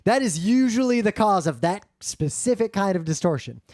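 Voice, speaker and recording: Blunt, swearing podcast co-host with a dry sound. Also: male voice, high voice, very animated, normal speed, darkish tone, no echo. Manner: blunt, swears, explains technical detail. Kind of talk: casual tech podcast chat. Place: home studio, remote recording session. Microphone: professional studio microphone.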